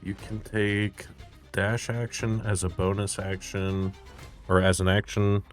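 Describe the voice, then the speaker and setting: A man's voice: low-pitched, little pitch movement, a little slow, faint music behind. A man playing a tabletop game, asking about the rules and thinking his moves through aloud. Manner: asks questions, thinks aloud. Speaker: player.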